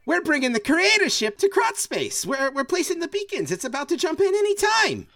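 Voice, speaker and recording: A man playing an excitable robot girl soldier. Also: very high voice, fairly quick, vocal fry, no room sound, clean studio sound, pitched above the performer's own voice, exaggerated voice. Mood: excited. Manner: excited, blurting. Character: eager young female robot soldier.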